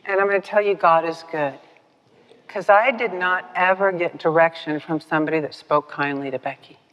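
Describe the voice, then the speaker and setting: A woman's voice: on the low side, normal speed. Older woman telling her story, echoey hall. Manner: lively, self-mocking, laughs often. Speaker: speaker at a recovery meeting. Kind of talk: personal storytelling talk. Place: meeting hall with podium. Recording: dull, echoey hall recording.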